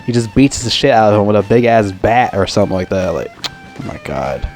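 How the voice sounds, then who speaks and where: A man's voice: lowish voice, animated, fairly quick, a little mellow, soft background music. A man giving a casual, profane movie review, rambling and complaining in an exasperated way.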